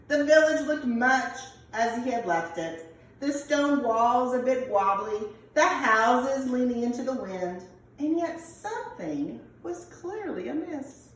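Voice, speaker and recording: A woman's voice: sits high, expressive, slow pace. A woman teacher with an American accent, reading a picture book aloud to her class in an upbeat, encouraging way. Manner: upbeat, encouraging, self-correcting. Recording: echoey classroom from far off.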